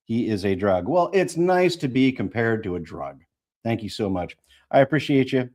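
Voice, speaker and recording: A Midwestern American man in his fifties reads an audiobook live, retaking lines and chatting with his viewers. His medium-pitched voice is expressive and darkish in tone, moving at a moderate pace.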